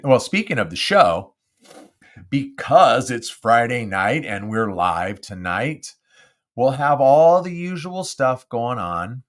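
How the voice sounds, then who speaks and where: An older man from Southern California hosting a live podcast, chatty and animated, talking close into a studio mic. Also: mid-range voice, slow pace. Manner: chatty and animated, self-deprecating. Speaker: podcast host. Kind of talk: casual live podcast chat. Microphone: close studio mic with windscreen.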